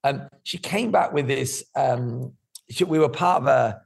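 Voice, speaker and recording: Guy, middle-aged, rough gravelly breathy voice, swears a lot telling his story. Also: mid-range voice, a little slow. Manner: animated, swears freely. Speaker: guest. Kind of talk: candid storytelling interview.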